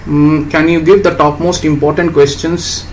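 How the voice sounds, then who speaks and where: A man's voice: on the high side, flat delivery, moderate pace, a little hiss or hum, poor audio. A man, teaching programming in a live stream and patiently answering viewer questions. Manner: explains patiently, reads out questions, asks "right?".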